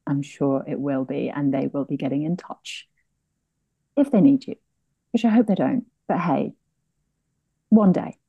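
A woman's voice: rumbling low, a little slow, long pauses, mellow, breathy edge, no room sound, highs cut off. A woman hosting a podcast, chatty and effusive, thanking her guest and wrapping up the show with self-deprecating asides. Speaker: podcast host. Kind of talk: casual chat and show outro.

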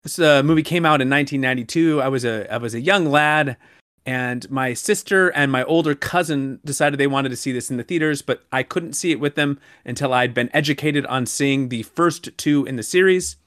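A man's voice: medium pitch, fairly quick, no room sound, studio quality. A man in his thirties co-hosting a podcast, telling a story in casual chat and getting worked up as he goes. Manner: animated storytelling, gets worked up. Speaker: podcast co-host.

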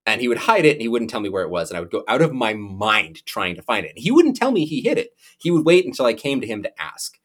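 A man in casual podcast chat, animated, telling a personal story and laughing often. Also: mid-range voice, quick pace, hardly any pauses.

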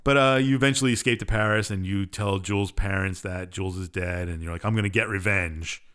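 A man's voice: deep voice, steady tone, fast, fairly bright tone, smooth. A man co-hosting a podcast, casually retelling a game's story in an offhand, rambling way full of fillers. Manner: rambling and offhand, with many fillers and shrugging asides. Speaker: podcast co-host.

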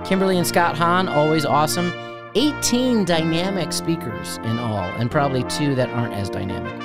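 A man's voice: fairly high pitch, moderate pace, creaky, loud music behind the voice. A man co-hosting a casual podcast, joking around and reading an ad with playful asides. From Ohio, United States. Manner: playful, jokey, lively delivery. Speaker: podcast co-host. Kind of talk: casual chat with a read ad.

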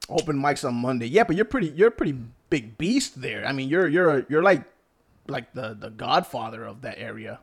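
A man's voice: mid-range voice, big pitch swings, fairly quick, breathy edge. A man co-hosting a casual podcast, teasing his friend and laughing often. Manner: teasing, laughs often, does silly impressions. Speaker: podcast co-host.

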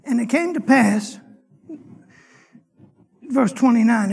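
A man deacon preaching a sermon, reading scripture and retelling it with animated, dramatic storytelling. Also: high voice, a little slow, creaky, pauses often, slightly rough, in a large hall. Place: church hall.

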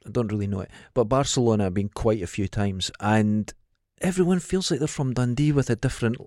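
Easygoing Scottish co-host, middle-aged, medium pitch, dry close recording. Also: male voice, brisk, a little mellow, no echo. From Scotland. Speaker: podcast co-host. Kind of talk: casual chat.

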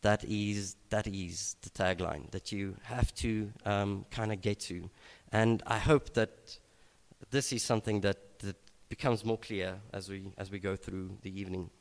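Low-voiced man preaching in a reverberant hall. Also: steady tone, vocal fry. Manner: unhurried, reflective, with frequent hesitations and restarts. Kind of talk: sermon. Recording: long reverb of a large hall.

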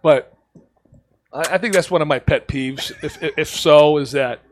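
A man's voice: on the high side, moderate pace, slight background noise. A man who owns a cigar shop, telling stories in a casual podcast chat and acting out the lines he quotes. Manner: animated storyteller, acts out quotes.

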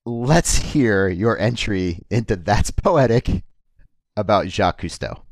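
A man hosting a comedy podcast with a dry, low-key delivery. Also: expressive, takes it slowly, no echo.

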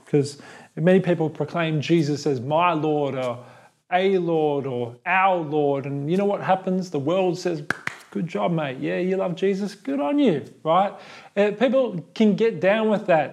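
Aussie pastor guy preaching, earnest, bit higher voice, gets fervent with long lists. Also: gravelly, darkish tone. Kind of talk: sermon.

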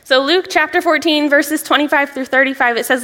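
A young woman, a children's ministry director, preaching a sermon in a church, chatty and lively, often laughing as she tells a story. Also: high voice, a little fast, few pauses. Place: church sanctuary. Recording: long reverb of a large hall.

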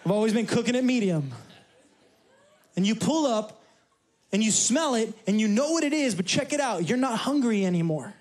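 A man's voice: sits high, expressive, moderate pace, darkish tone. A male pastor from New York preaching a sermon in a conversational, humorous way, with asides to the congregation. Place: church service.

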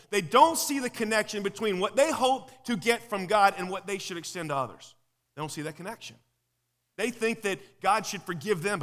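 A man preaching a live sermon in a casual, lively way, firing rhetorical questions at the congregation, recorded with a long hall reverb. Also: high voice.

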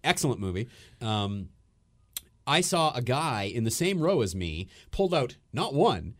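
A man hosting a podcast, a film critic, talking in a relaxed conversational way with some filler words. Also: mid-range voice, unhurried. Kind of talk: casual chat.

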